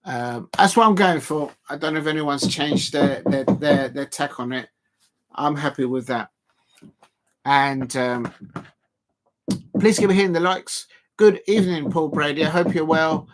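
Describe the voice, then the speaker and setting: A man hosting a live football watch-along with a slightly higher voice. He rambles casually to his viewers, often trailing off into ums and restarting his sentences. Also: a little slow, a little hiss or hum. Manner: rambling, full of fillers and restarts, talking to chat viewers.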